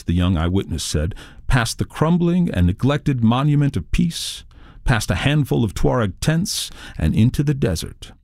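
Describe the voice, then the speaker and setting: A man narrating nonfiction in a measured, journalistic reading. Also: mid-range voice, a little mellow, no echo, studio quality. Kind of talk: scripted nonfiction audiobook narration.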